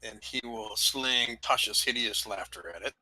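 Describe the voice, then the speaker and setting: Brief: male player, very sharp bright tone, measured, dry. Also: medium pitch, no room sound, poor audio. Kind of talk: casual tabletop play.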